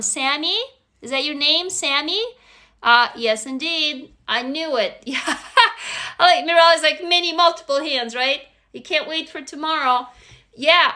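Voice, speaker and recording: A woman's voice: high voice, sharp tone. A woman from Russia with a Russian accent, native in Russian, chatting casually on a phone livestream, greeting viewers and swearing lightly. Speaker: livestream host. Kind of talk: casual live-stream chat.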